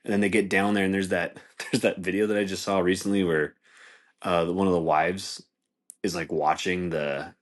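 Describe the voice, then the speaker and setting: A man's voice: low-pitched, level tone, moderate pace. A man hosting a podcast, rambling in casual chat with a lot of swearing and restarts. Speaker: podcast host.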